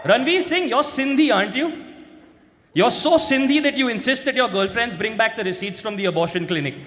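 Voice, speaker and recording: A man's voice: extremely high pitch, lively intonation, fairly quick. Brash young man roasting on stage. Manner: brash, shouts punchlines. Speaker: roast comedian. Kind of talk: stand-up roast set. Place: large indoor stage venue. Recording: live hall with reverb and crowd noise.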